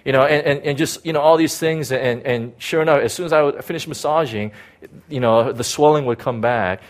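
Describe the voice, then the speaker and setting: A middle-aged pastor tells a personal story from the pulpit in a halting, repetitive way, stumbling over words and leaning on "you know." His voice sits in an ordinary middle pitch for a man. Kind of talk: personal testimony sermon.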